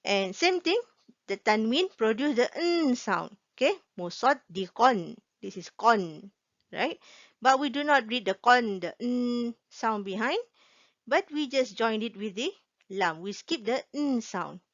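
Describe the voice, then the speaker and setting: Woman w teaching, slow, bit higher voice, dull dry recording. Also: lively intonation, no echo. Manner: patient, checks in often with "okay?" and repeats each rule. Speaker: Quran recitation teacher. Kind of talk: slow explanatory online lesson.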